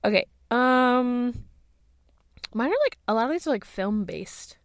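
A woman's voice: animated, measured pace, no echo, clean studio sound. A young woman co-hosting a casual podcast, playful and swearing, quizzing her friend. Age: young adult. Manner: playful, swears, bursts into high sing-song cheers. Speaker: podcast co-host. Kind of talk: casual chat, trivia quiz.

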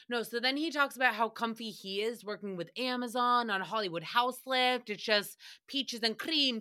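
A woman's voice: fairly high pitch, animated, unhurried, few pauses, sharp tone. A woman hosting a podcast, recapping a show in casual, sarcastic chat and swearing freely. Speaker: podcast host.

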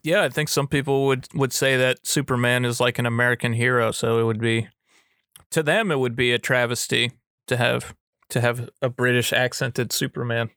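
Man, podcast co-host, smooth clear voice, dry close sound, thoughtful and measured. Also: medium pitch, fairly even intonation, bright, forceful tone, no room sound. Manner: thoughtful, measured, filler-heavy. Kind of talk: casual chat.

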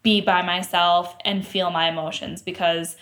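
A woman's voice: on the low side, little pitch movement, normal speed, a bit bright. A young adult woman co-hosting a podcast, talking frankly in casual chat and telling stories with a swear or two. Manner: frank, chatty storyteller who swears. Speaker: podcast co-host.

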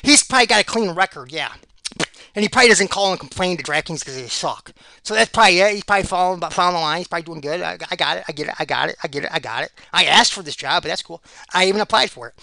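A man's voice: sits high, expressive, racing, gravelly, pushed and bright, no echo. A man giving rambling solo commentary on fight picks, sarcastic and ranting, repeating himself.

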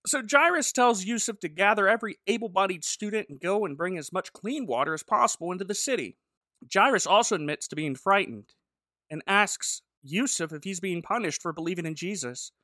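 A man's voice: sits high, expressive, fairly quick, bright, forceful tone, no echo, studio quality. A man co-hosting a podcast, recapping a TV episode in a sarcastic, jokey way. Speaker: podcast co-host. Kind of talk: casual chat recapping a TV episode.

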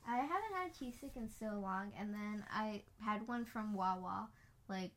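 A young American woman co-hosts a podcast, chatting casually and rambling through stories with plenty of "like." Her mid-range voice is fairly bright and unhurried.

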